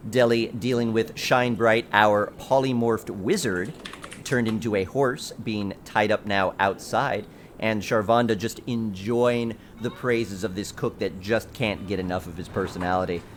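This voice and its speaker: A man narrating a tabletop game as game master, in a playful, lively way. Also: fairly low pitch, unhurried, a little hiss or hum.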